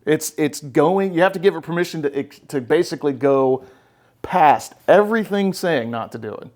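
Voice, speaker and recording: His voice sits on the high side with a darkish tone and a normal pace. As a therapist hosting a laid-back podcast, he talks bluntly and emphatically, swearing often and repeatedly asking "right?".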